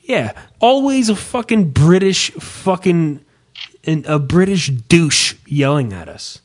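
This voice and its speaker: High, lively podcast host man. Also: takes it slowly. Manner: profane, animated ranting. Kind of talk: casual podcast chat.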